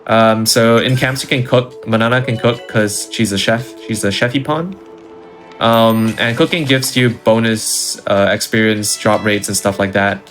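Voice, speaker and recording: A man's voice: fairly low pitch, steady tone, a little slow, a bit bright, soft background music. A man explaining his speedrun route in an easygoing, casual way as he plays. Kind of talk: casual gameplay commentary.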